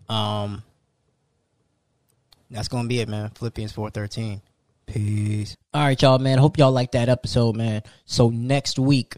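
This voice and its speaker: Low-voiced man, podcast host, laid-back casual outro, dry recording. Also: a little mellow, dry recording.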